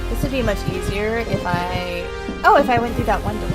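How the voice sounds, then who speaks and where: A woman's voice: medium pitch, brisk, rough recording. A young woman streamer chatting casually while she plays, bubbly and self-deprecating. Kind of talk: casual gameplay chat. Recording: game music underneath.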